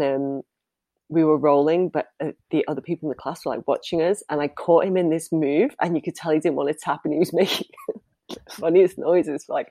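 A woman's voice: low voice, mellow, dry recording. A woman, a professional dominatrix, answering interview questions in a candid, chatty way and laughing easily.

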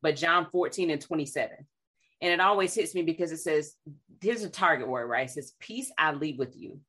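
A woman, sharing devotional reflections and quoting scripture in a lively, conversational preaching way. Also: low-pitched, brisk. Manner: animated, quotes scripture, acts out voices. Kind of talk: faith talk, conversational preaching.

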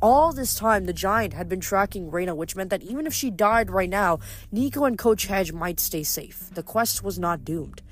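A reader narrating a novel aloud in a measured, even way. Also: mid-range voice. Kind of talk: audiobook reading.

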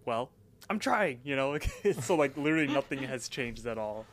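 A man's voice: mid-range voice, a little fast. A man co-hosting a casual podcast, recapping a cartoon with lots of fillers and easy laughter. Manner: laughs easily, filler-heavy. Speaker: podcast co-host.

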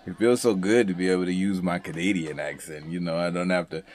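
A man puts on a giggly, flustered rapper impression, full of stuttered restarts and repeated words. His voice sits a bit low and turns loud and high when he gets worked up in this comedy podcast skit. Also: fairly even intonation, fast, close to an everyday voice. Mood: playful. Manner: stammering, repeats words, laughs a lot.

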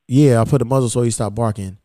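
Laid-back man with a mellow voice. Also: medium pitch, fast, no echo, clean studio sound. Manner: profane, animated retelling of quoted exchanges. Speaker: podcast host. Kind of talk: casual storytelling chat.

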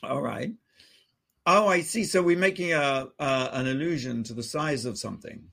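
A man's voice: mid-range voice, normal speed, gravelly, a bit bright. A man co-hosting a radio talk show, chatting in a wry, playful way. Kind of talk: casual chat.

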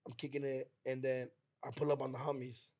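A man co-hosting a podcast, telling a story in a casual, slangy and heartfelt way, acting out his friends' lines in quick quoted bursts. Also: medium pitch, level tone, a little mellow. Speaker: podcast co-host.

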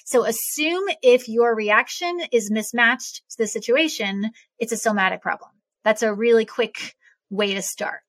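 Bright, emphatic woman with a dry close sound. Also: a little high, measured pace, no echo. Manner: emphatic, animated, blunt. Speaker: podcast guest. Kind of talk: conversational explaining.

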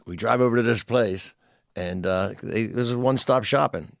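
This dry, clean studio recording captures a medium-pitched voice with vocal fry at normal speed. The speaker, a man in his sixties, is a comedian guest on a podcast who tells a long story in casual chat, animatedly acting out what the people in it said.

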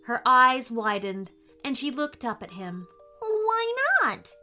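A woman narrating a children's story in a gentle, expressive storybook manner, giving the characters little voices. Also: fairly high pitch, unhurried, soft background music.

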